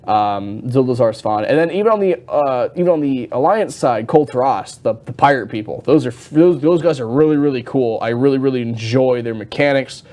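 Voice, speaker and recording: A man co-hosting a casual gaming chat show, talking in an excitable, rambling way with many restarts and fillers. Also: mid-range voice, a little fast, few pauses. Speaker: podcast co-host.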